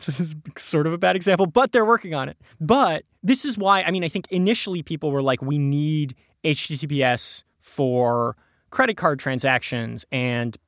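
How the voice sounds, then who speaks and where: Explaining encryption on a tech podcast, this man keeps restarting sentences, leans on fillers, and chuckles a lot. His mid-range voice is creaky with a fairly bright tone, captured as clean studio sound with no echo.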